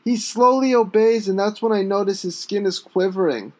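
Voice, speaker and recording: A man reads his own gritty first-person story aloud. His delivery is intense and raw, and it breaks into sudden angry shouts. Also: high-pitched, normal speed.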